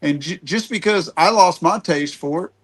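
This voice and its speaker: Folksy middle-aged man hosting a podcast, higher pitched. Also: moderate pace, husky. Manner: rambling, folksy, restarts sentences. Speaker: podcast host. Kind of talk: casual podcast chat.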